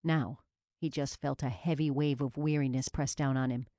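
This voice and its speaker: A woman narrating a police novel as an audiobook in an even, measured reading. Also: extremely low pitch, no room sound, studio quality. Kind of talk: scripted narration.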